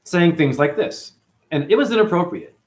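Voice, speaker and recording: An emotional man tells a personal story about being mistreated at his cleaning job. His pitch swings widely, leaping up when he quotes people and dropping low when he sighs over the hurt. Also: animated, normal speed. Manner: emotional, recounting grievances with acted quotes. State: chronic hip pain. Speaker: janitor.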